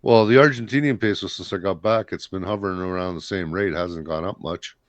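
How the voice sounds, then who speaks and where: Man, very deep voice, dry close sound, opinionated rambling host. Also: brisk, dry recording, dull audio. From Canada. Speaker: podcast host. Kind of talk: casual chat.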